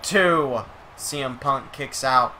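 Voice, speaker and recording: A man's voice: medium pitch, slow, sharp tone, slight background noise. A young man streaming a game, giving casual play-by-play commentary with chatty, self-correcting, playful asides.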